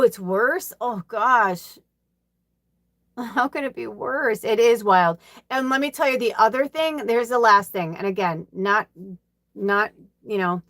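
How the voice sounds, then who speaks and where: Hosting a casual live card reading, this middle-aged South Side Chicago woman rambles cheerfully with plenty of fillers and laughs. Her fairly high voice comes through clean studio sound with no room noise.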